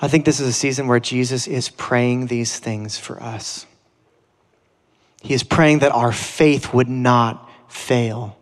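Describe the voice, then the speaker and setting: A man's voice: mid-range voice, steady tone, slow pace, in a large hall. A man preaching a sermon as pastor, conversational and earnest, with dramatic readings of scripture.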